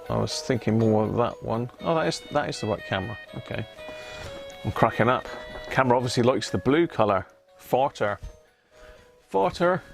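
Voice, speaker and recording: Man, mid pitch, casual workshop livestream host, rambling and self-amused, soft music underneath. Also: gravelly. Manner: chatty, laughs at himself, trails off with ums. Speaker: radio restoration livestream host. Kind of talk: casual live-stream chat. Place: home workshop.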